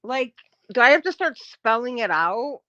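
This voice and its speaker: A woman with a slightly high voice rants at her livestream chat, blunt and profane. The sound is dull and lo-fi. The room is dry and close. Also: very animated, moderate pace, sharp tone, no echo. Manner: combative, profane, talking back to chat. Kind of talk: casual livestream rant.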